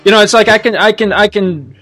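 A man's voice: high voice, a little fast, a bit bright, faint music behind. A man in his fifties hosting a podcast in casual, rambling, self-deprecating chat. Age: 50s. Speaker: podcast host.

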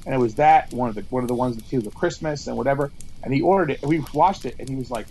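A podcast co-host sits at an outdoor campfire telling rambling stories in a casual storytelling chat, swearing and acting out quotes. His mid-range, dark-toned voice comes rapid-fire on a low-quality recording with slight background noise.

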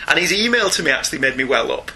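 British man, middle-aged, chatty podcast host, very bright tone, slightly high voice, faint background noise. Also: very animated, gravelly. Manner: chatty, slows down and laughs often. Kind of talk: casual chat, reading listener emails.

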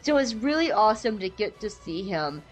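A young woman co-hosting a casual fan podcast, excitable and giggly, swearing freely as she talks. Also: mid-range voice, normal speed, soft background music. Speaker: podcast co-host.

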